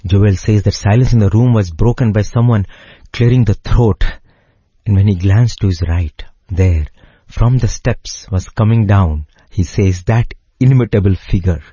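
A man narrating a devotional story in a measured way, pausing phrase by phrase. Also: on the low side, warm tone, slightly rough, no room sound, dull audio.

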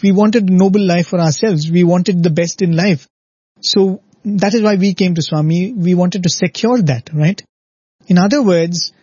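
A man's voice: high voice, mellow, slightly rough, no room sound, dull audio. A man giving an earnest, reflective devotional discourse, often ending his points with "right?". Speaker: spiritual speaker.

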